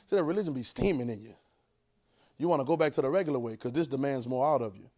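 A man preaching a sermon, urging the congregation to repeat lines after him and swinging between quiet, drawn-out talk and loud bursts. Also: medium pitch, expressive.

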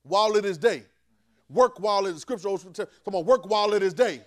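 A man preaching to a class in a loose, conversational way, often asking "right?" as he goes. He drops to a low murmur and then breaks into sudden loud bursts. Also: fast. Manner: call-and-response, keeps asking "right?". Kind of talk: conversational sermon.

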